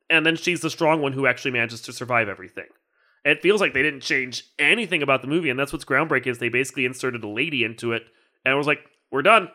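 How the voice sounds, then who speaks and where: Man, podcast co-host, bright forceful voice, opinionated, jokey asides. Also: mid-range voice. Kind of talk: casual chat.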